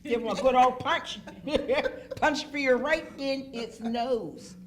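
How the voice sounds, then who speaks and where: A woman's voice: high voice, slow, background noise. A woman from Pittsburgh who works as a phlebotomist, telling stories emphatically in a casual group chat. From Pittsburgh, Pennsylvania. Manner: animated, emphatic storyteller who acts out quotes. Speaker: phlebotomist guest.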